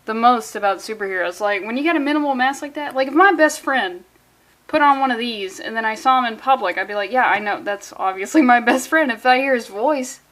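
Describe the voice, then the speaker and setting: A woman's voice: on the high side, brisk, a bit bright. A woman reviewing a comic book in a casual, sarcastic, rambling way, full of jokey asides. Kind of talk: casual comedic commentary.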